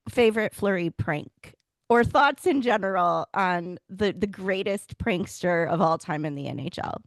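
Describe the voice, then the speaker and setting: A woman co-hosts a podcast in casual conversation, reacting readily. Her voice swings widely in pitch and sounds animated. The recording is dry and close. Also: no echo. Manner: lively, reactive, quick to laugh. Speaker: podcast co-host. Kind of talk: casual interview chat.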